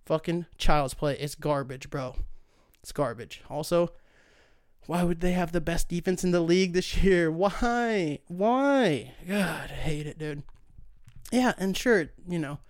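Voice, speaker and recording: A man's voice: sits high, no echo, studio quality. A young man hosting a solo podcast, ranting in a profane, sarcastic way. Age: young adult. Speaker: podcast host.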